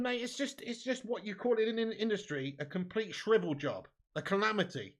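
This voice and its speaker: A man hosting a live football watch-along, excitable and sweary, swinging from low grumbling to loud shouting. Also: fairly quick, hardly any pauses. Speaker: fan watch-along host.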